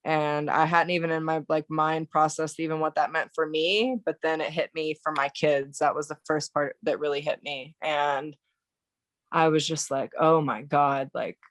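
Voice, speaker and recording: Woman, American accent, young, halting recollection, dry close mic. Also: deep voice, fairly even intonation, dry recording. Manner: halting, many fillers and restarts. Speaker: podcast guest. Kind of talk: emotional personal recollection.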